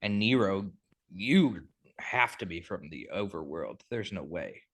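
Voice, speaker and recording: A man's voice: low voice, animated, unhurried, a bit bright, breathy edge, pitched below the performer's own voice, exaggerated voice. A man voicing a suspicious male gnome city guard who asks wary, probing questions in a tabletop game.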